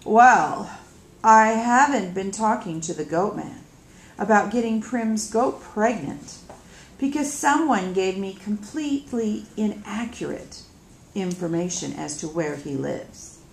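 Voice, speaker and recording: A woman voicing a defiant, sharp-tongued teenage girl in a storybook reading. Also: on the high side, very animated, slow, slight background noise, heavily acted. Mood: exasperated. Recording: echoey room.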